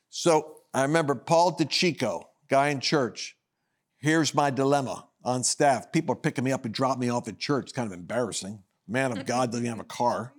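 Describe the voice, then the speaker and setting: A man minister giving a personal testimony on a broadcast, acting out the dialogue as he tells it, with loud high bursts and low quiet asides. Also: a little fast. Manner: acts out quoted dialogue in his telling.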